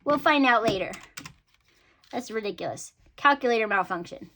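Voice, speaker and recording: A woman's voice: a little high, lively intonation, moderate pace, bright, forceful tone. A woman vlogger chatting casually to her viewers about her budget, upbeat, with frequent ums and laughs. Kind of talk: casual chat to camera.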